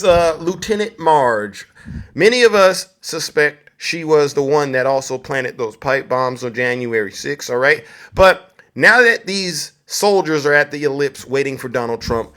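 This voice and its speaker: A man with a fairly high voice delivers a political comedy rant. He mocks his targets and slips into little acted-out scenes. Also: expressive, measured pace, a bit bright. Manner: mocking, acts out scenes in put-on voices.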